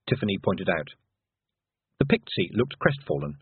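A man narrating an audiobook with expressive, dramatic storytelling, on a thin phone-like recording. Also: deep voice, a little fast, vocal fry, slightly rough, dry recording. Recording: phone-like thin band, dry.

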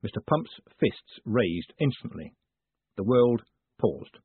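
A man narrating an audiobook with lively, dramatic storytelling. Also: on the low side, normal speed, breathy edge, dry recording. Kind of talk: scripted narration. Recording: phone-like dry audiobook sound.

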